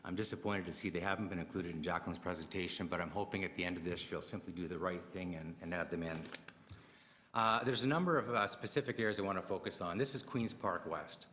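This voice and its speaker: A middle-aged man giving an earnest, hurried public deputation at a council meeting, firing off pointed questions. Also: low voice, bright, forceful tone. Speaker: public deputant at city committee. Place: council chamber. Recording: long reverb, faint room noise.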